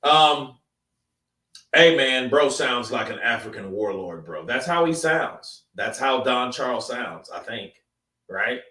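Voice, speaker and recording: A man's voice: mid-range voice, animated, slow pace, pushed and bright, reverberant, distant mic. A man hosting a casual live stream, talking in a loose, rambling, slangy way. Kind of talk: casual chat.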